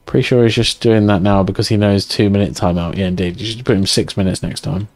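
A man's voice: lowish voice, steady tone, quick pace, darkish tone, no room sound. A man streaming a video game live, chatting and joking with viewers and swearing often. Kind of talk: casual live-stream chat while playing.

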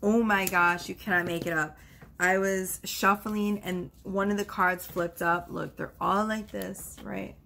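A woman's voice: mid-range voice, fairly even intonation, a little slow, gravelly, sharp tone, a little hiss or hum. A woman giving a casual tarot card reading, chatty and reassuring, with frequent exclamations. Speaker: tarot reader.

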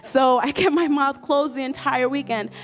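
A woman choir member giving an earnest, emotional personal testimony at a church service. She talks haltingly, restarting and repeating words and often breaking into laughter. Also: sits high.

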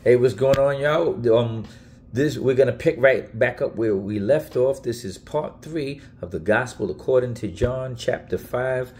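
A man preaches in a casual Bible teaching video, earnest and emphatic, often repeating himself and restarting phrases. His mid-range voice is unhurried and darkish, with slight background noise.

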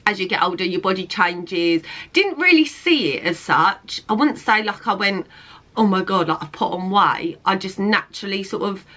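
Bright-toned chatty young woman. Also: medium pitch, expressive, normal speed, poor audio. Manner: chatty, filler-heavy, with frequent "like" and restarts. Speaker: fittings model and vlogger. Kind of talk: casual talking-head vlog.

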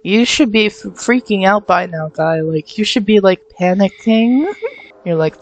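A woman's voice: medium pitch, unhurried. A woman giving chatty let's-play commentary as she plays a video game, giggling and poking fun at herself. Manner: chatty, giggly, self-mocking. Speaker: gamer playing through a game.

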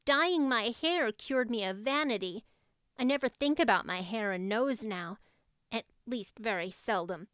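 A woman voicing a spirited, imaginative teenage girl who speaks in an earnest, expressive way. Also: a little high, unhurried, clear, resonant tone, dry recording, clean studio sound. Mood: earnest, hopeful.

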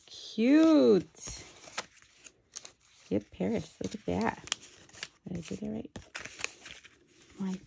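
A woman chatting excitedly while unboxing a craft swap package, with self-deprecating asides. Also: medium pitch, very slow, vocal fry, pauses often, slight background noise. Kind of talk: casual unboxing commentary. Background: paper crinkling and clicks.

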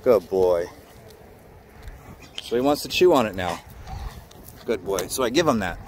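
A man's voice: on the low side, lively intonation, a little slow, a little hiss or hum. A man working as a dog trainer, talking outdoors while he plays with a dog, praising it and explaining its behavior as he goes. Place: outdoors at a park.

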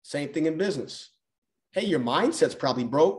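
A man's voice: fairly high pitch, expressive, normal speed, darkish tone. A man coaching on a mindset call, talking emphatically and repeating key phrases for effect. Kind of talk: motivational call talk.

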